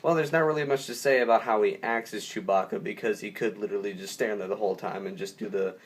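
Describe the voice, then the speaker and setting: A man's voice: lowish voice, fast talker. A young man giving a casual spoken movie review, enthusiastic and rambling, often stopping to restart a sentence.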